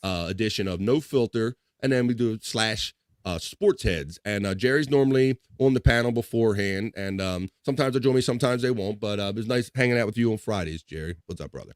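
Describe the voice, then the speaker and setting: A man's voice: lowish voice, fairly quick, dry recording, studio quality. A man hosting a casual live stream, reading viewer comments aloud in a laid-back way and laughing often.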